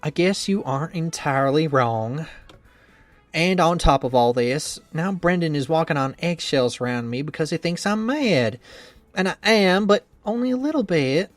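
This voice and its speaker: A man's voice: fairly high pitch, expressive, moderate pace, no room sound, soft background music, natural voice. A man voicing a cheerful young woman trainer who is anxious about her cooking, reading a visual novel game in an earnest, rambling, self-doubting way.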